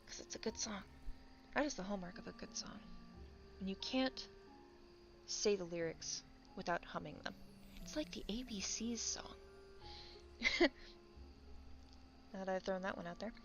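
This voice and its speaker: This woman, a content creator, rambles through a casual chat while drawing, laughing frequently and slipping into quick character voices. She has a creaky, mid-range voice, recorded on a dull lo-fi mic with faint music behind her.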